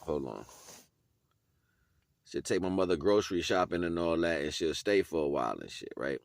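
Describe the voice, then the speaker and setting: A man's voice: low voice, expressive, moderate pace, creaky, dry recording. Easygoing man with slangy, dry-sounding talk. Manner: street slang, keeps asking "you know what I'm saying"; laughs often while talking. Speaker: video blogger. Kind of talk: casual motivational monologue.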